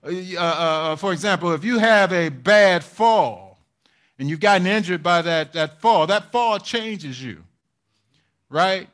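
A man preaching a sermon in a high voice. He speaks slowly and deliberately, repeating key phrases for emphasis. He often turns to his listeners for agreement and laughs lightly between points. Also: lively intonation, a bit bright. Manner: repetitive, asks the congregation for responses; chuckles often while preaching. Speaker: pastor.

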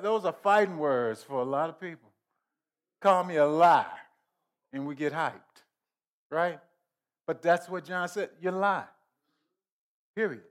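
A man preaching a sermon, slow and emphatic, repeating phrases and swelling into loud rises. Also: fairly high pitch.

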